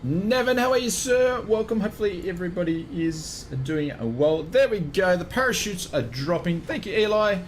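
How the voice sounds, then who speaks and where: Lively Australian man greeting stream chat. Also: high voice, normal speed, few pauses, a little hiss or hum. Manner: chatty, greets viewers by name. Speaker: flight sim streamer. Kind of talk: casual live-stream chat.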